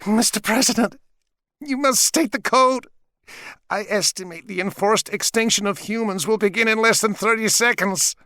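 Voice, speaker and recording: A man voicing a slow, high female robot. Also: sharp tone, no echo, studio quality. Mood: urgent, mechanical. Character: female robot, calm, fading, philosophical. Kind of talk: audiobook character voice.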